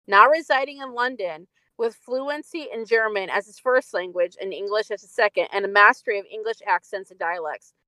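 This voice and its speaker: A woman's voice: medium pitch, bright, forceful tone, dry recording, low-quality recording. Woman podcast co-host, chatty film recap, dry close mic. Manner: chatty, many fillers and laughs. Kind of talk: casual chat about a film.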